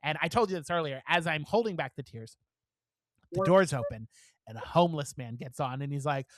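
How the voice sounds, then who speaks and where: Podcast co-host, male, 40s, lively storyteller, dry close sound. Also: fairly high pitch, brisk, no room sound. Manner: animated storyteller, swears, laughs mid-sentence. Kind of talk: casual chat.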